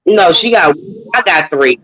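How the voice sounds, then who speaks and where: A woman's voice: lowish voice, animated, unhurried, fairly bright tone, poor audio. A woman host speaks in casual conversation. She talks bluntly and swears freely. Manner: blunt, profane. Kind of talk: casual chat.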